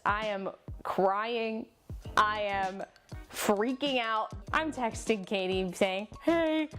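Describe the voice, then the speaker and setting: A young woman with a New Jersey accent chats into her camera in a casual storytime vlog. She tells the story in an animated, self-mocking way, with playful exaggeration. Faint music plays underneath. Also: medium pitch. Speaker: vlogger.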